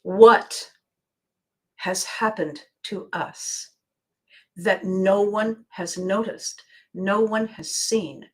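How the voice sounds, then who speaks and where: Rambling older woman podcaster. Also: medium pitch. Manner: rambling, emotional, with frequent laughs and pauses. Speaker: podcast host. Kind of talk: personal monologue.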